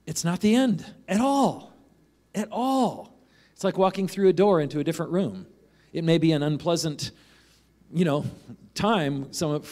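A man's voice: on the high side, darkish tone. A man preaching a sermon as a pastor, in a conversational way, often asking "right?" and acting out the voices of the people in the passage he reads.

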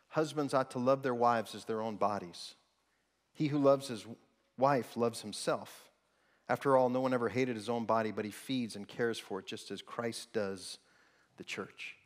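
A man preaching a sermon to his congregation. He asks rhetorical questions, has them repeat lines back, and jumps his pitch when voicing quoted people. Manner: acts out quoted voices with sudden jumps in pitch. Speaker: pastor. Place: church hall. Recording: long reverb of a church hall.

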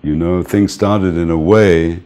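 An older man, a music manager, telling anecdotes in an interview, animated, laughing often and acting out the people he quotes. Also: sits low, measured pace.

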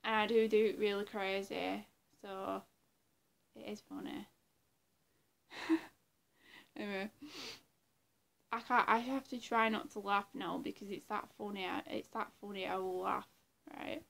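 A woman's voice: medium pitch, fairly even intonation, a little slow, gravelly, long pauses. A woman vlogger chatting casually to her viewers, rambling and giggly and trailing off into murmurs, with a throat infection. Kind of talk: casual vlog chat.

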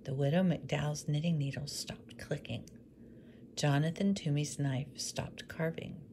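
Slow gentle woman storyteller. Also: sits low, steady tone, a little hiss or hum. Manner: slow, gentle, dropping to near whisper. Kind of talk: reading a picture book aloud.

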